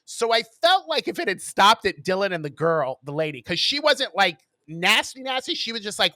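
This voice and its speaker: Bright, high-voiced wry man. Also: sing-song, normal speed, few pauses, no echo, studio quality. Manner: chatty, frank, wry, swears for emphasis. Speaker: podcast co-host. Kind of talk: casual storytelling chat.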